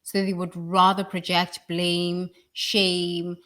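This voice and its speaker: Woman, spiritual speaker, slightly low pitch, blunt and emphatic delivery with loud bursts. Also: monotone, slow pace. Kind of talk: spiritual talk to camera.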